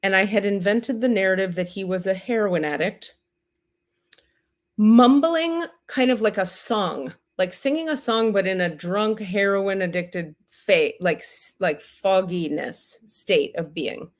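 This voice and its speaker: A woman's voice: mid-range voice, measured pace. A woman leads a comic spiritual livestream and tells a rambling personal story. Her voice sits in a middle range. She swears freely, keeps up the energy, and drifts into tangents before pulling herself back. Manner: profane, tangent-prone, animated storyteller. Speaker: spiritual teacher hosting a livestream.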